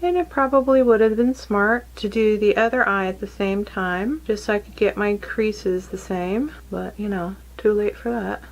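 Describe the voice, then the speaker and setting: A woman's voice: mid-range voice, steady tone, normal speed, few pauses, muffled recording. A woman with a Texan accent, casually talking through a makeup tutorial at home, chatty and self-deprecating. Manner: chatty, self-deprecating, talks to her cat in baby talk. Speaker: makeup vlogger. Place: home, indoors.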